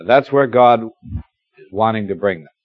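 Gently humorous preacher on old tape. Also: male voice, on the low side, no echo. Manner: warm storytelling, gently humorous, reads scripture slowly. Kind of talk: expository sermon. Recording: dull lo-fi dry recording.

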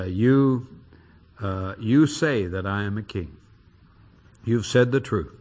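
A man preaching an expository sermon, reading and explaining scripture with emphatic, dramatic delivery. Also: mid-range voice. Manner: lively, emphatic Bible reading with dramatic quotes.

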